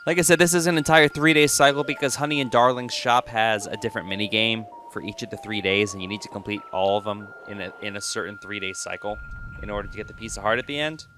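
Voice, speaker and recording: A man's voice: lowish voice, quick pace, over music. A man giving casual, jokey gameplay commentary as a let's play host, chatting to the game as he plays.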